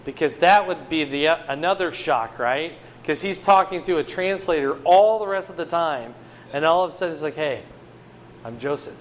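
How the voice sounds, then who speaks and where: A man giving a conversational sermon, teaching a Bible passage with animated swings between loud emphasis and quiet asides. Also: on the high side, normal speed, slight background noise.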